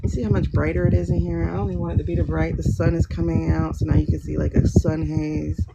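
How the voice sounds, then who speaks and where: A woman's voice: deep voice, little pitch movement, fast talker, vocal fry. A woman rambling casually to her livestream viewers from a room at home, greeting them by name as she chats. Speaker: livestream tarot reader. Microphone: phone livestream. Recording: lo-fi livestream with loud noise.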